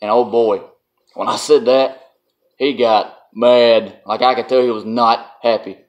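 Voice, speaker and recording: A man's voice: medium pitch, fairly even intonation, a little slow, highs cut off. A man, telling a casual vlog story in a blunt, folksy way and laughing often. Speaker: vlogger.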